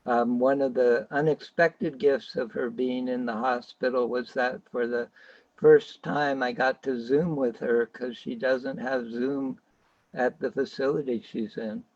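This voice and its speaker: A middle-aged man speaking on a video call, talking fast and matter-of-fact about personal news. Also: mid-range voice, fairly even intonation, a little mellow, no echo. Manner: rapid, matter-of-fact speech. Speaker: performer sharing a song. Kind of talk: casual chat on a video call. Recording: muffled, dry video call audio.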